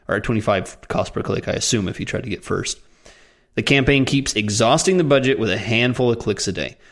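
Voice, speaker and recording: A man's voice: fairly low pitch, creaky. A man hosting a casual podcast, joking around and reading out a listener's question. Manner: joking, reads listener emails aloud. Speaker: podcast host.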